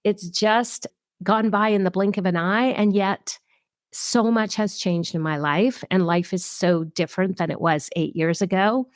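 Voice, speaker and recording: A woman's voice: mid-range voice, steady tone, a little slow, no room sound, clean studio sound. A middle-aged woman hosting a solo podcast, talking in an upbeat, chatty and personal way. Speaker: podcast host.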